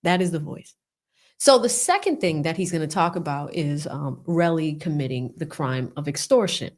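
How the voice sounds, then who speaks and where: A woman hosting casual live commentary on a court trial, chatty and animated, with laughing asides. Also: low voice, normal speed. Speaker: legal commentary host.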